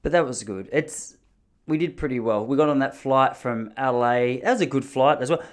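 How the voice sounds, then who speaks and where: Speaking at a moderate pace with a mid-range voice, this Australian man in his thirties hosts a podcast. His style is relaxed and chatty, wandering through jokey, rambling anecdotes.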